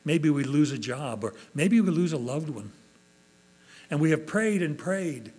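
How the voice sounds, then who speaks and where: Male pastor, sermon delivery, earnest and expressive, slightly higher pitch, faint hum. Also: unhurried, pauses often, breathy edge. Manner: earnest preaching, acts out quoted prayers with rising emotion.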